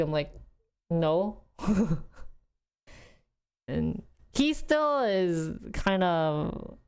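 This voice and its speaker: A young woman chatting casually on a livestream, rambling with frequent laughs and a voice going a little hoarse. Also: lowish voice, very slow, pauses often. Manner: chatty, rambling, laughs often, quotes family in lively bursts. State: losing her voice. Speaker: streamer.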